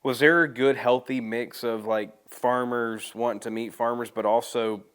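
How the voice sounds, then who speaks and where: A man's voice: mid-range voice, fairly even intonation, normal speed, fairly bright tone, clear, resonant tone. Give me a man casually interviewing a guest on a podcast. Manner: casual, loose follow-up questions. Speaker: podcast host.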